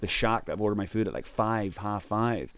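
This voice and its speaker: A man's voice: fairly low pitch, brisk, fairly bright tone, clear, resonant tone. An Irish man chatting as a podcast guest, telling travel stories animatedly, acting out the voices of people he quotes and laughing often. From Ireland. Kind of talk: casual storytelling chat.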